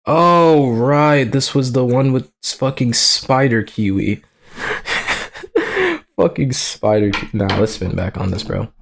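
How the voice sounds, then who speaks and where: A man's voice: medium pitch, slow, gravelly. A young man streaming live in casual commentary, talking in slang with lots of swearing and frequent laughter. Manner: slangy, profane, laughs often, excitable. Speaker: livestreamer.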